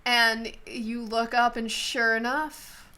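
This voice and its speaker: A woman running a tabletop role-playing game as game master, narrating scenes in an animated, laughing way. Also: fairly high pitch, slow. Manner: animated storyteller who laughs often.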